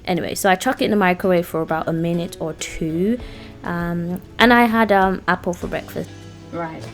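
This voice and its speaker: A woman's voice: fairly low pitch, moderate pace, faint music behind. A woman in her twenties chatting casually to viewers in a home vlog, laughing often and talking straight to camera. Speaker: vlogger.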